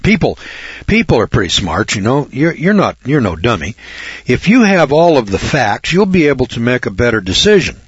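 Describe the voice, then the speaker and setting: A man's voice: mid-range voice, very animated, normal speed, breathy edge, no room sound. An older man from Northern California, a reporter, telling a folksy personal story and repeating words for emphasis. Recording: dull lo-fi recording.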